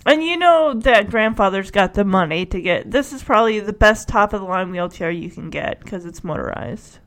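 A woman's voice: mid-range voice, animated, normal speed, fairly bright tone. A woman chatting casually as she recaps and reacts to a television show, laughing often as she goes.

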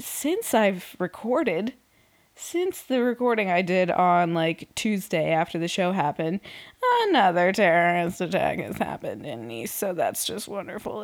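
A woman hosting a podcast alone, talking casually without editing, rambling, swearing and poking fun at herself as she loses her train of thought. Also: lowish voice. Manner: rambling, swears, self-deprecating, restarts often. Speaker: podcast host. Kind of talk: unedited casual podcast monologue.

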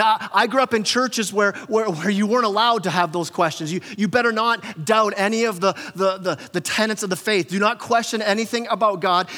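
A man's voice: high voice, bright, forceful tone, big-room sound. A man preaching a sermon as pastor, in a conversational way that often repeats words as he restarts. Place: church sanctuary.

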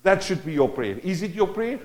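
A man's voice: sits high, big pitch swings, fairly quick, a little mellow, poor audio. A male pastor preaching a sermon, asking the congregation rhetorical questions and acting out prayers in shifting tones.

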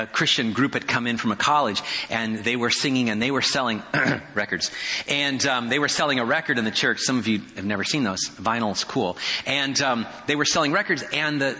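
A man's voice: mid-range voice, bright, forceful tone, big-room sound. A man preaching a sermon as a pastor, telling stories and adding humorous asides.

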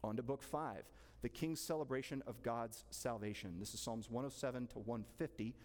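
A man's voice: medium pitch, normal speed, a little mellow. A man teaching a church Bible class in a casual, chatty way, asking the room questions. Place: church hall. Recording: long reverb in a church hall.

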